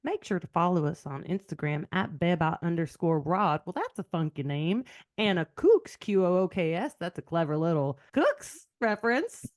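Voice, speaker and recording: A woman putting on an exaggerated slow Southern drawl to read a listener review aloud, as a joke on a podcast recorded over a video call. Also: lowish voice, big pitch swings, darkish tone, dry recording, studio quality. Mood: chirpy. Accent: put-on Southern US. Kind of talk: comic put-on voice on a podcast.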